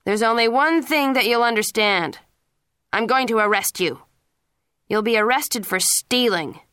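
A woman's voice: medium pitch, lively intonation, a little slow, sharp tone, smooth, no room sound, clean studio sound. A woman reading the lines of a harsh police-chief father who berates his son. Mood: angry.

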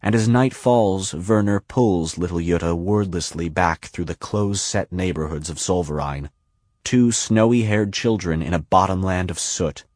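A man reading scripted literary narration in a measured, unhurried, deliberate way. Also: sits low, no echo, studio quality. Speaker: audiobook narrator.

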